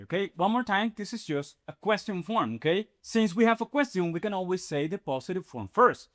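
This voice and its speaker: A man teaching a Spanish grammar lesson in an energetic, step-by-step way, often checking in with "okay?" and "right?". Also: sits high, a little fast, hardly any pauses. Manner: explains step by step, addressing viewers as "you guys". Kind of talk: online language lesson.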